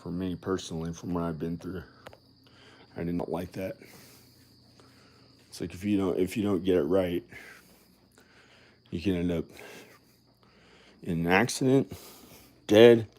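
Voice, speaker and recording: A man's voice: low voice, steady tone, measured pace, pauses often, darkish tone. A man vlogging at home, rambling and musing aloud to himself in a casual monologue. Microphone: filming himself on camera.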